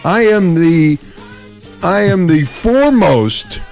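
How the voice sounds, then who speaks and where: A man's voice: high-pitched, very animated, slow pace, gravelly, a little mellow, faint music behind. A man hosting a casual radio talk show, playful and boastful, laughing often.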